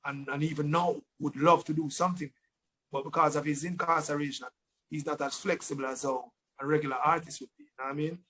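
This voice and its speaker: Jamaican man, fairly high voice. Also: fast, poor audio. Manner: relaxed, repeats words, breaks into his song lines. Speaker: dancehall artist, interview guest. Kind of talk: casual interview talk.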